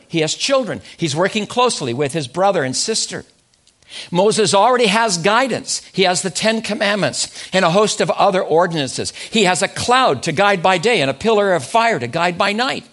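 A man with a high, light voice delivers a sermon. He presses his points with repeated rhetorical questions and slows down to land the key phrases. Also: fairly bright tone. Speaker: pastor.

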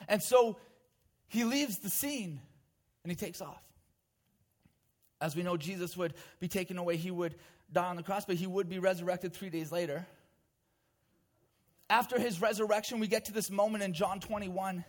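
A man's voice: sits high, normal speed, long pauses. A male pastor preaching a sermon, retelling a scripture story vividly with casual asides to the congregation.

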